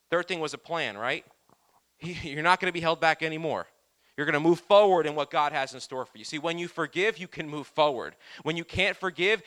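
Pastor guy preaching to his church, bright punchy voice, keeps repeating lines and asking amen. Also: a little high. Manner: preaching with call-and-response "Amen?" and repetition. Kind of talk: sermon.

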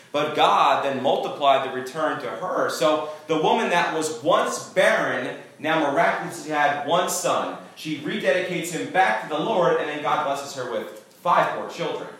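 A man's voice: on the high side, fairly bright tone. A man preaching a sermon as pastor, emphatic, with call-and-response to the congregation. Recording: echoey church room, distant mic.

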